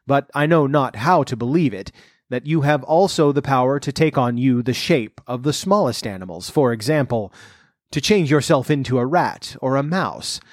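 A man voicing a sly, scheming male cat in boots in a storybook, speaking smoothly and courteously. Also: mid-range voice, expressive, normal speed, no room sound, clean studio sound, close to an everyday voice. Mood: courtly.

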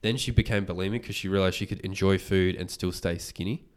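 A man, hosting a podcast and retelling a story in casual chat, animated and swearing freely. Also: deep voice, fairly quick. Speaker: podcast host.

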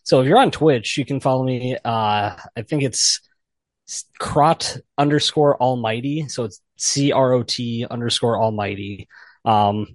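A man's voice: medium pitch, a little slow, no room sound. A man appearing as a podcast guest, joking in casual chat with many filler words.

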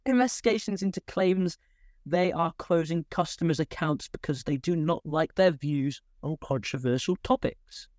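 A man's voice: a little high, normal speed, a little mellow, no room sound, studio quality. A young man co-hosting a casual podcast, rambling and laughing as he talks. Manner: rambling, self-interrupting, laughs often. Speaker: podcast co-host.

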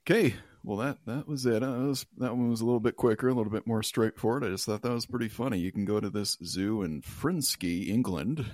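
A man's voice: on the low side, quick pace, hardly any pauses, a little mellow, dry recording. A man hosting a casual podcast chat, reading out headlines and joking with his co-hosts, laughing often. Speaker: podcast host.

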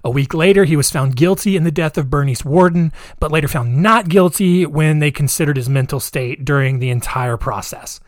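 A man's voice: on the high side, brisk, hardly any pauses, no room sound, clean studio sound. A young man casually retelling a true-crime story, chatty, with fillers and personal asides.

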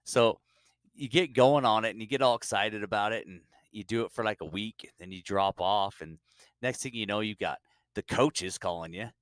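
Male podcast co-host, lowish voice, doing an animated stand-up bit with jokey character voices. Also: moderate pace, dry recording, studio quality. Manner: animated storytelling, jumping into high-pitched mock voices.

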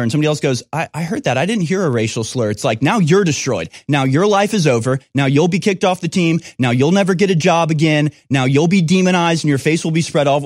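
A man's voice: fairly high pitch, dry recording, studio quality. A man reading news stories aloud and breaking off into scornful, sarcastic commentary as host of his own show.

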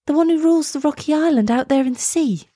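A woman's voice: high-pitched, normal speed, a little mellow, slightly rough, no room sound, clean studio sound, pitched above the performer's own voice. Woman putting on an eager young blind girl. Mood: eager, anxious. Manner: breathless, pleading questions. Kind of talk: storybook reading.

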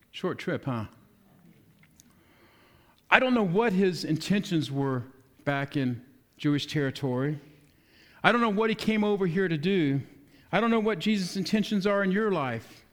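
A pastor with a high-pitched male voice delivers a relaxed, conversational sermon. He reads a passage, then explains it in plain talk. He drops into quick acted-out voices for the people in the story. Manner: conversational preaching, acts out quoted voices.

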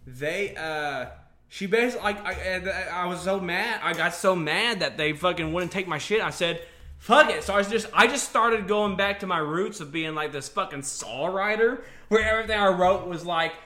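A man's voice: high voice, normal speed, pushed and bright. A young man chatting casually on a podcast, telling stories in a profane, rambling way full of restarts. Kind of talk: casual chat. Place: studio under bright lights. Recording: roomy echo.

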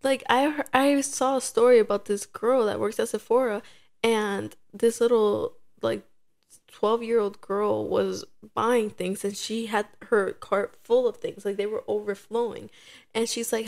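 A woman's voice: medium pitch, moderate pace, creaky. A young woman in her twenties co-hosting a casual podcast chat, telling a story with lots of acted-out quotes. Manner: animated storytelling, acting out quoted voices. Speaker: podcast co-host.

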